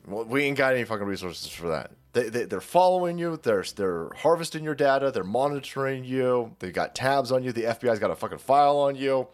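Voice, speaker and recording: A man rants through political commentary, swearing freely and dripping with sarcasm. His pitch sits in an ordinary middle range, and faint music plays quietly behind him. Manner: profane, sarcastic and mocking. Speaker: commentary channel host.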